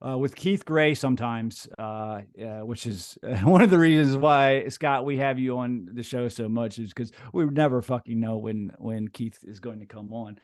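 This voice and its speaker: A man's voice: mid-range voice, normal speed, few pauses, a little mellow, no echo, studio quality. A middle-aged man from the United States, a podcast host appearing as a guest, chatting casually with frequent stammers and jokes. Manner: stammering, laid-back, joking.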